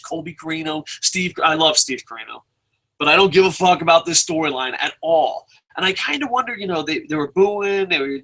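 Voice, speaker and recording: A man's voice: on the high side, bright, forceful tone, rough recording. A man reviewing a wrestling show in a casual, rambling rant, swearing heavily and jumping between thoughts. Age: adult with a son.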